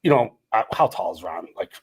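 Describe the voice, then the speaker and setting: Animated middle-aged man telling stories. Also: on the low side, a little fast, breathy edge. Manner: animated storyteller acting out quotes. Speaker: podcast co-host. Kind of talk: casual storytelling chat.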